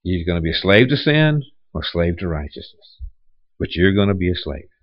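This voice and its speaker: Low-voiced man preaching a sermon. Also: big pitch swings, brisk, dry recording, highs cut off. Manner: conversational preaching with repeated restarts and rhetorical questions. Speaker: pastor.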